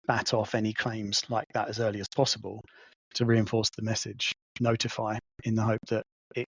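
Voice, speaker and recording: Guy talking in a flat, even tone, methodical, mic sounds a bit dull and dry. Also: on the low side, no echo. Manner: methodical, explanatory. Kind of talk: casual professional discussion.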